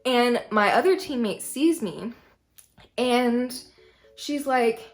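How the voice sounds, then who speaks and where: A woman's voice: fairly high pitch, animated, takes it slowly, soft background music. Chatty young woman telling a story. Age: young adult. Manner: chatty, peppered with "like". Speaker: vlogger. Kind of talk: casual storytime.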